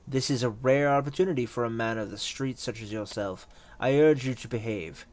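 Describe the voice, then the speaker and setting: Man voicing an icy patriarch: low, formal, clipped commands. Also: brisk, lightly acted. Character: cold, stern wealthy older father.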